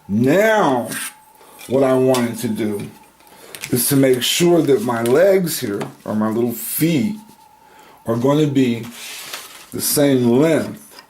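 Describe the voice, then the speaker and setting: A man talks through a craft demonstration in an unhurried, easygoing way, narrating each step as he works. His pitch sits in an ordinary middle range, and faint background noise with light clicks runs under the recording. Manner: slow, relaxed, thinking aloud while cutting and pinning. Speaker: handbag-making instructor. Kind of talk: casual tutorial demonstration.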